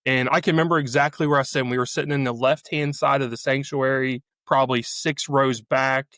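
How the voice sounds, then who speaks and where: A man's voice: medium pitch, fairly even intonation, a bit bright, no room sound. A man sharing a personal faith testimony as a guest, often restarting and repeating words as he remembers. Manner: halting, repeats words as he recalls. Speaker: podcast guest.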